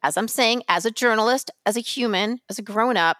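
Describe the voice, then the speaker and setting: A woman co-hosting a chatty podcast, acting out every story with theatrical flair and blunt, profane asides. Her voice sits fairly high. The sound is dry and close, with no room echo. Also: a little fast, a bit bright. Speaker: podcast co-host. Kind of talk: casual conversational podcast.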